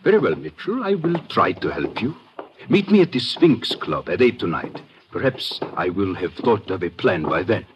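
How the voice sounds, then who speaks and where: Formal, guarded local contact played by a man, low lively voice, old radio drama. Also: highs cut off, background noise. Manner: formal, measured and careful. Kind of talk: 1940s radio drama acting.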